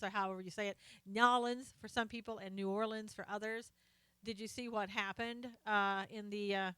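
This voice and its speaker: A woman's voice: a little high, fairly bright tone, clean tone, no room sound. A woman hosting a casual live stream, chatting, greeting viewers by name and reading their comments aloud, often trailing off with fillers.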